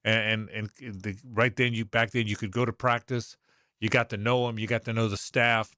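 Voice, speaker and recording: A man's voice: lowish voice, level tone, normal speed, sharp tone, no room sound. A middle-aged man hosting sports talk radio, telling a long anecdote that rambles and corrects itself along the way. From Jacksonville, Florida. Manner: rambling, self-correcting anecdotes with quoted voices.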